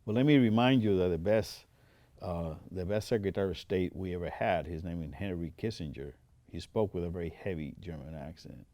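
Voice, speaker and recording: A man's voice: deep voice, brisk, warm tone, no room sound. An older man with a Spanish accent and Spanish as his first language, a veteran telling stories in an interview with many restarts. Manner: recounts stories with quoted dialogue, frequent restarts. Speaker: Air Force veteran interviewee. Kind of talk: interview storytelling. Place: interview studio.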